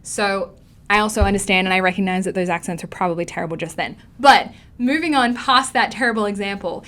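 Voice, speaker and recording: A woman's voice: medium pitch, a little fast, a bit bright. A woman with an Australian accent giving an online acting lesson, emphatic and repeating key words for stress. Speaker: acting teacher.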